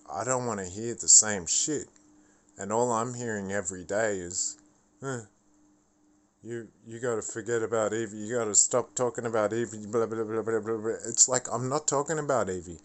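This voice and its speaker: Blunt, profane man ranting slowly. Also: medium pitch. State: tired. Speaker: vlogger. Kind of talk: casual ranting monologue.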